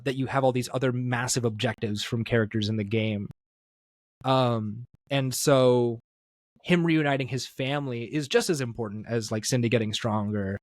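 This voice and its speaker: Male podcast host, mid-pitched, filler-heavy and rambling, dry close sound. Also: no echo. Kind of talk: casual podcast interview.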